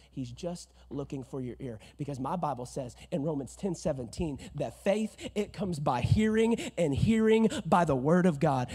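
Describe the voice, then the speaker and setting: A male pastor preaching a sermon, swinging from hushed asides to shouted emphasis. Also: fairly high pitch, husky, big-room sound.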